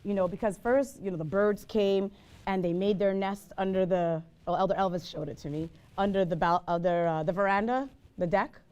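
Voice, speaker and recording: Leading a live Bible study, a woman wanders into side stories in a chatty way and asks the group questions. Her mid-range voice is smooth with a darkish tone at normal speed, and the audio sounds dull.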